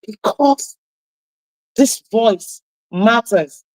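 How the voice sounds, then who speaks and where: A woman with a husky voice hosting a radio talk show, giving an impassioned motivational talk and repeating key phrases for emphasis. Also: medium pitch, unhurried, dry recording, low-quality recording.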